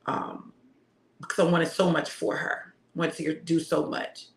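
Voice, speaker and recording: A woman's voice: deep voice, flat delivery, measured pace, slight background noise. Middle-aged woman preacher, casual storytelling, laughs a lot, echoey room. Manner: warm, storytelling, laughs often. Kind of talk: casual motivational talk. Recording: roomy echo.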